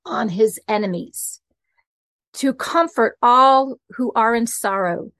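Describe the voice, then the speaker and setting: A woman's voice: fairly high pitch, no echo. A woman preaching an earnest, conversational sermon and reading scripture aloud as host of her podcast.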